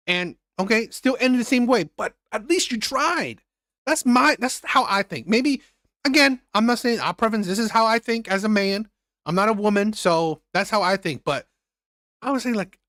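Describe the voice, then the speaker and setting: A man's voice: high voice, animated, normal speed, a bit bright, no echo, clean studio sound. Blunt, swearing male reaction host. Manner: blunt, emphatic, repeats phrases, swears. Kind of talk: reaction commentary.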